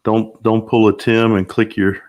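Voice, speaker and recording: A man's voice: fairly low pitch, flat delivery, a little slow, a little mellow. An older man hosting a casual live stream, greeting viewers by name in an upbeat way with the odd whoop. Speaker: livestream host.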